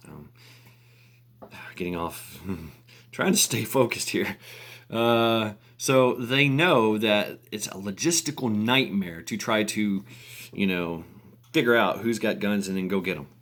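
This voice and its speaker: A man's voice: fairly low pitch, animated, slow, fairly bright tone. A man ranting casually on camera, rambling with fillers, restarts and laughter. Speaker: vlogger. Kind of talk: casual rant.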